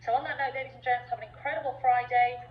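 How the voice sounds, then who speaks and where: A woman's voice: on the high side, fairly even intonation, quick pace. A woman hosting a group video call, gushing with effusive praise as she thanks a guest. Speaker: call host. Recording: echoey, dull lo-fi video call audio.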